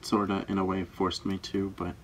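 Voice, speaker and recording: Low husky young man, dry teasing. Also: monotone, normal speed. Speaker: boyfriend in a couple's tag video. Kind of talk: casual chat.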